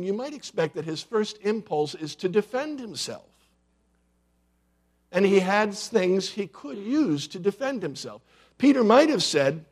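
A man's voice: high-pitched, big pitch swings, normal speed, breathy edge. Male preacher telling a dramatic story. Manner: storytelling, dramatic shifts from loud to hushed. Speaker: pastor. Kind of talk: sermon.

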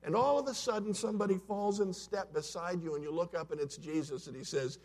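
A man preaching in a church, with a voice pitched a little above the usual for a man. He tells stories in a conversational way, rising loud and dropping soft. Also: brisk. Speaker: pastor. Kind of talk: sermon. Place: church sanctuary.

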